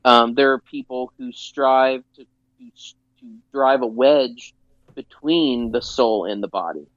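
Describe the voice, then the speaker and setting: A man co-hosting a religious podcast discussion, talking earnestly and emphatically, with halting restarts. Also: mid-range voice, a bit bright, dry recording, dull audio. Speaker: podcast co-host.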